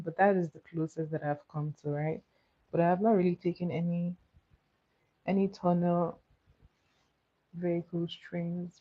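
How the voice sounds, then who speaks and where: A woman chatting casually with live viewers while doing her makeup. She answers their comments and laughs often. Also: lowish voice. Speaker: makeup livestream host. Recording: slightly muffled, dull sound.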